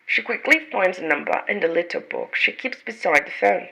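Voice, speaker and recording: A woman reading a storybook aloud as an audiobook narrator, with a non-native English accent, in slow, careful narration. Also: medium pitch, expressive, creaky, pushed and bright, poor audio. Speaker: audiobook reader.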